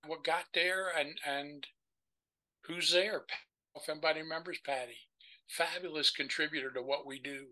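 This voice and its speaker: An older man, a podcast guest, telling stories in a lively way and acting out the people he quotes. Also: fairly high pitch, normal speed, poor audio. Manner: animated storyteller who acts out the voices of the people he quotes. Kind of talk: storytelling conversation.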